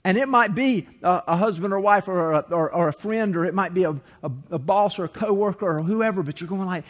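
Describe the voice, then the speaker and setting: A man's voice: sits high, normal speed, few pauses. A man preaching a sermon as pastor, telling a story and reading scripture, acting out the quoted voices as he goes.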